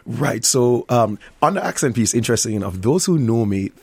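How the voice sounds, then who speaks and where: A middle-aged man with a Jamaican accent, a restaurant owner speaking as an interview guest, animated, with frequent laughs. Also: medium pitch, a little fast, breathy edge, no echo. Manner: animated storyteller, laughs often, many restarts. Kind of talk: conversational interview.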